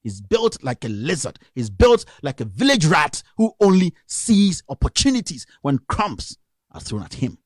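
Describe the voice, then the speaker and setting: A man's voice: a little high, big pitch swings, moderate pace, no echo, studio quality. A young Ghanaian man with a Ghanaian accent, delivering an impassioned political rant on a live stream and firing off scolding rhetorical questions. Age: young adult. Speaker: radio commentator.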